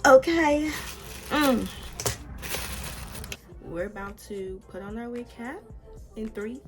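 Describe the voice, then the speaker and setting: A woman's voice: on the high side, expressive, slow pace, over music. A young American woman chatting casually to her viewers while unboxing and fitting a wig. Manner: chatty, talks straight to viewers with "y'all". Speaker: vlogger.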